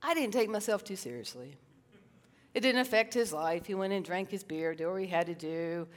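A middle-aged woman tells stories from a stage in a lively, self-mocking way, often calling the crowd y'all. Her voice rings out with the long reverb of a large hall. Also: fairly low pitch, normal speed. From South Carolina, US. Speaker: psychotherapist giving a stage talk. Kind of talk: storytelling stage talk.

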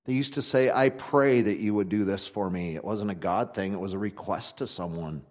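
A man preaching a sermon in a conversational, folksy way, swinging from loud emphatic passages to quiet ones. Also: fairly low pitch, animated, moderate pace, few pauses. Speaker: pastor.

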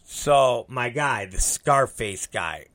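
Slow and expressive, this middle-aged man's mid-range, fairly bright voice carries a rambling, casual story. He swears freely and performs other people's lines, and the recording is dry.

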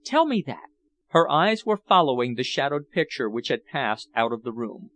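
A man's voice: mid-range voice, normal speed. A man reading a novel aloud as an audiobook narrator. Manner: expressive storytelling. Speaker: audiobook reader. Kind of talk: scripted narration.

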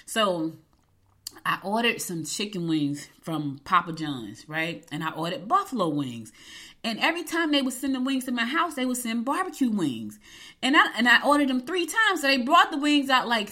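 A woman's voice: on the high side, normal speed. A middle-aged woman, telling a story to her viewers in a casual, emphatic way and acting out what people said. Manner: animated, emphatic, acts out quotes. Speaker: vlogger.

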